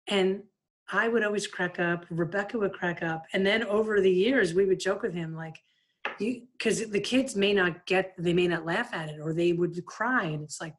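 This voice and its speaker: A woman in her fifties, a former player and coach, telling stories in a casual interview, full of "like" and "you know". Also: mid-range voice. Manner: lively anecdotal, frequent "like" and "you know".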